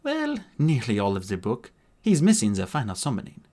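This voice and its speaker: A man voicing an old immortal alchemist who speaks quietly and gravely in a storybook audiobook. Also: mid-range voice, huge pitch swings, normal speed. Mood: calm.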